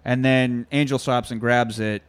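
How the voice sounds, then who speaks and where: A man casually recapping a film plot in chat, animated and often laughing. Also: mid-range voice, measured pace, smooth, no room sound. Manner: animated retelling, acts out quotes with laughs. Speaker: podcast co-host.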